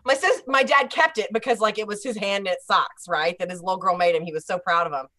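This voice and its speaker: A woman's voice: mid-range voice, quick pace. A woman guest telling a casual story, acting out the voices of the people she quotes. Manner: lively storyteller who acts out quoted voices.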